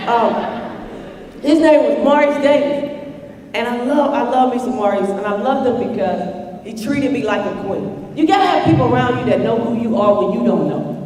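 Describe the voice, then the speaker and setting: A woman's voice: fairly high pitch, animated, moderate pace, pauses often, a little mellow. A woman telling a playful, joking story while speaking to students. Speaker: motivational speaker. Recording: echoey hall from far off.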